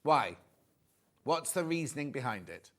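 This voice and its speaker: A man's voice: medium pitch, sing-song, measured pace, fairly bright tone. A British man presenting a live sewing shopping show, chatty and teasing as he reads out prices and viewer messages in a TV studio.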